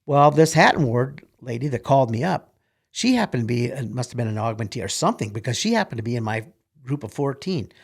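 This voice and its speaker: A man's voice: medium pitch, lively intonation, fast talker, creaky, husky. An older man, a retired military officer, telling folksy rambling stories in an interview. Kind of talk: casual storytelling in an interview.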